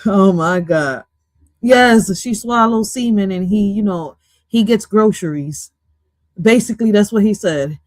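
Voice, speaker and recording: A woman with a mid-range voice reacts to a podcast clip on her stream at a measured pace, with no echo on the recording. Her casual commentary is goofy and full of swearing, slipping into now and then.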